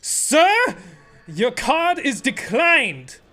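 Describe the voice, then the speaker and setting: A man's voice: extremely high pitch, very animated, extremely slow, pushed and bright, voice pushed up, full character voice. A man putting on a pushy rental clerk. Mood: rude, pushy. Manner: clipped, insistent, rude. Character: curt, pushy male rental car clerk.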